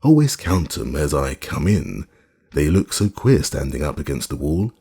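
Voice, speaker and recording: A man voicing an excited, boyish young duke in an audiobook reading. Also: rumbling low, normal speed, husky, heavily acted. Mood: eager. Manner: excited, emphatic.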